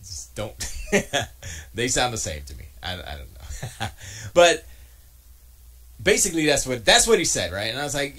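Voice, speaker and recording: A man rants casually from his home studio, his voice at a middle pitch but swinging widely up and down. He restarts his sentences often and drops mocking asides as he goes. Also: very animated, a little slow, pauses often, pushed and bright. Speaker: streamer and podcast host. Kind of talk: casual rambling commentary.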